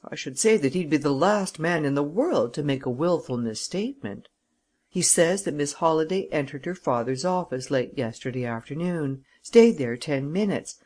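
A reader voicing a composed senior lawyer in an audiobook, measured and deliberate. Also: medium pitch, darkish tone, natural voice. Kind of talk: audiobook character reading.

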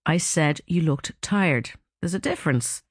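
A woman voicing a brisk, attentive older female nurse with an Irish accent in an audiobook. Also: fairly high pitch, wildly swooping pitch, dry recording, studio quality, pitched above the performer's own voice. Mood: correcting. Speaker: senior nurse. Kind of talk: audiobook character voice.

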